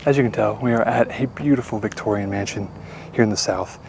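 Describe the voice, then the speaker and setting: Gravelly man exploring outdoors. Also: on the low side, fairly quick, a little mellow, slight background noise. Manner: enthusiastic, guiding the viewer. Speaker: urban explorer. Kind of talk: vlog narration. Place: outdoors at an old house.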